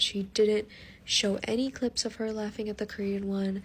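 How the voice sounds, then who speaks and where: A woman's voice: medium pitch, moderate pace, a bit bright, slight background noise. A woman giving casual commentary in a matter-of-fact way, with lots of "like" fillers.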